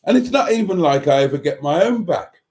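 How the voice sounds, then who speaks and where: A man's voice: fairly high pitch, animated, a little fast, a little mellow. A man hosting a casual livestream, reading viewer comments aloud and rambling with dry, self-mocking humour. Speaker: livestream host.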